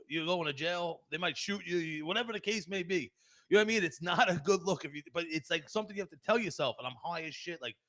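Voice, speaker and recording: A man's voice: a little high, pushed and bright. A man, hosting a podcast and telling rambling, profane stories with frequent laughs. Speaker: podcast host. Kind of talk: rambling casual storytelling.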